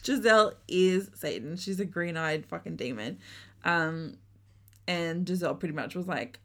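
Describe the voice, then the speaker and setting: A woman's voice: lowish voice, animated, normal speed. A woman co-hosting a podcast, chatting casually and swearing as she recaps a reality show. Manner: chatty, swearing, laughing often. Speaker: podcast co-host.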